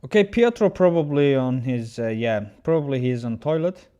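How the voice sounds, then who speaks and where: Halting male chess streamer. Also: medium pitch, expressive, mellow, clean tone. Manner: halting, with many restarts, chatting with viewers. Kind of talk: casual livestream chat.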